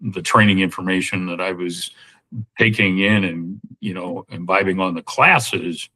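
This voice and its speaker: A man's voice: low-pitched, a little slow, bright, forceful tone, low-quality recording. A man in his sixties, a podcast guest talking in a casual, rambling way with lots of fillers and restarts. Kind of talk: casual interview talk.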